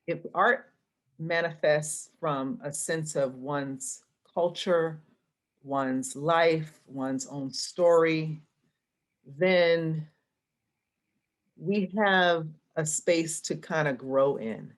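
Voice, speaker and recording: A woman with a deep voice and drawn-out words is a guest in a conversational interview. As president of an arts association, she speaks reflectively, thinking aloud and restarting her sentences.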